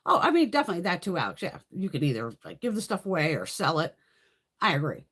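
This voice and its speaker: A woman's voice: lowish voice, huge pitch swings, fast, a bit bright, slightly rough. A woman beauty creator chatting casually on a live stream, rambling and swearing freely while answering viewers' comments.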